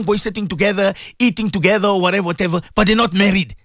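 A man's voice: high voice, fairly even intonation, fast talker, fairly bright tone, dry recording, studio quality. A man giving an impassioned radio sermon, hammering home repeated rhetorical questions to his listeners. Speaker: radio presenter giving Islamic advice.

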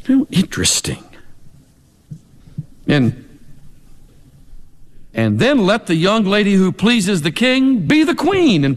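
A man preaches a sermon with a lively, swooping delivery that ranges widely in pitch, dropping casual asides between the verses he reads. His voice sits a little higher than most men's, and it rings out with a long reverb across a large church sanctuary. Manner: animated, conversational preaching with asides. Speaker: pastor. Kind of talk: expository sermon.

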